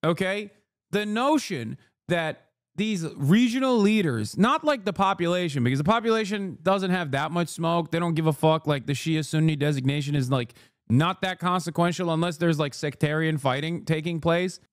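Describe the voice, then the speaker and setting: A man streaming political commentary, ranting in profane, exasperated, fast bursts with frequent fillers. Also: fairly high pitch, lively intonation, no room sound, clean studio sound. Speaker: streamer reacting to clips.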